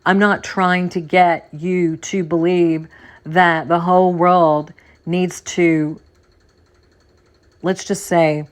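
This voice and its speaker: A woman's voice: on the low side, flat delivery, takes it slowly, pauses often. A woman hosting a podcast, talking casually in a rambling monologue and repeating phrases for emphasis. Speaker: podcast host.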